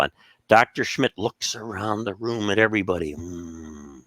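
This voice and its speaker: A man's voice: on the low side, moderate pace, dry recording, clean studio sound. A man casually telling stories on a podcast, acting out the voices of the people in them. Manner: animated, acts out quoted voices. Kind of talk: casual storytelling.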